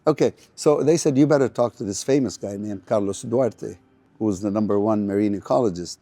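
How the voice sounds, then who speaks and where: A man's voice: on the low side, a little fast, mellow, no echo. A middle-aged man, a guest on an interview, telling stories animatedly and acting out the voices of people he quotes. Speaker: guest, finance executive. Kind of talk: conversational storytelling interview.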